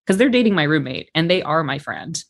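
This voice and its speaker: A man's voice: on the high side, big pitch swings, brisk, vocal fry, a bit bright. Candid man talking about his life. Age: adult parent. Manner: candid, reflective, swears casually. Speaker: podcast guest. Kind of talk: casual conversation.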